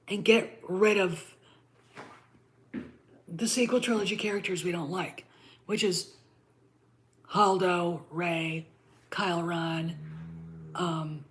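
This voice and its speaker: A middle-aged woman hosting her own channel, ranting bluntly with frequent swearing and repeated "okay?" checks. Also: medium pitch. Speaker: channel host. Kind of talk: ranting commentary to camera.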